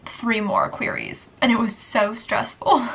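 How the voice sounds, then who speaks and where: A woman vlogging casually to camera, chatty and excitable with lots of filler words. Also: a little high, measured pace, creaky, a little hiss or hum. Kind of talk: casual vlog talk to camera.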